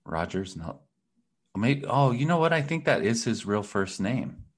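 A man's voice: mid-range voice, a little slow, husky. A man co-hosting a podcast, telling stories in casual, profane chat and jumping into exaggerated voices for the people he quotes. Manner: animated storyteller, swings into exaggerated quoted voices. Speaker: podcast co-host.

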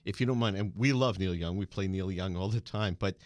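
A male radio host, enthusiastic in a casual interview and quick to laugh. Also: low voice, no room sound. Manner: enthusiastic, laughs often, tells anecdotes. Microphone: studio mic.

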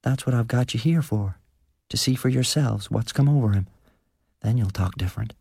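A man's voice: medium pitch, moderate pace, vocal fry, a little mellow, husky, no echo, studio quality, voice pushed up. A man voicing a bitter, thin, cold rural farm wife who speaks bluntly in rustic speech, read as an audiobook character. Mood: scornful.

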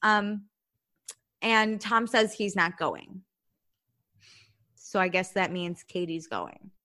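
A woman co-hosting a casual chat, recapping a reality show and acting out the cast's lines. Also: medium pitch. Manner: animated, acts out quotes in quick bursts. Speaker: recap podcast co-host.

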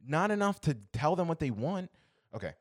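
A man's voice: on the high side, sing-song, moderate pace, no room sound, clean studio sound. A young man co-hosting a podcast, ranting in an exasperated, profane way in casual chat. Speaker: podcast co-host.

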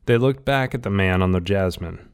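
A man reading a novel aloud in steady, scripted audiobook narration. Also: sits low, normal speed, smooth.

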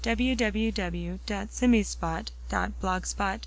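A woman reading a story aloud in an even, measured way. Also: medium pitch, vocal fry, poor audio. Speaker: audiobook reader. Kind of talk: scripted narration.

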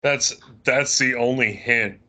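A man co-hosting a wrestling podcast, answering trivia in casual chat, thinking aloud and clearing his throat. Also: medium pitch, slow, pushed and bright, slight background noise, poor audio.

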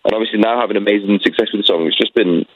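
A man's voice: on the low side, rapid-fire, highs cut off, crowd noise. A young British man in a casual radio interview, chatty and rambling. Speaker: guest singer.

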